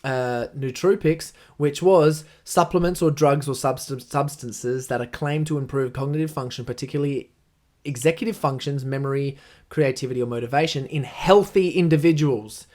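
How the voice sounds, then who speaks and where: A man's voice: mid-range voice, normal speed, a little mellow. A young Australian man hosting a casual solo podcast, enthusiastic and rambling, swearing freely between asides. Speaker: podcast host.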